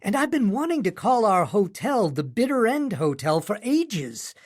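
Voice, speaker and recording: A man voicing a proud, teasing young woman from a small town in an audiobook, bubbly and quick. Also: sits high, big pitch swings, voice pushed up. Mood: excited.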